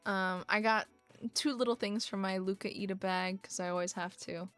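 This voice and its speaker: A woman's voice: mid-range voice, normal speed, smooth, faint music behind. A young woman livestreamer chatting casually, telling stories with lots of laughter and the odd swear. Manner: animated storytelling, frequent laughter and swearing. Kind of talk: casual chat.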